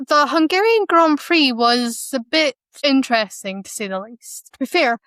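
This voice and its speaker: Woman, podcast co-host, racing chat, blunt, sarcastic, sweary, slightly high voice, dry close sound. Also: animated, normal speed, fairly bright tone, no echo. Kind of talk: casual motorsport chat.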